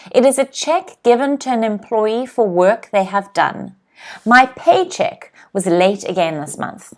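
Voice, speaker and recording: A woman teaching a live online English lesson, saying each word slowly and clearly and having viewers repeat it. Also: a little high, darkish tone. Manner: slow, clear teacher's voice, drills words for repeating.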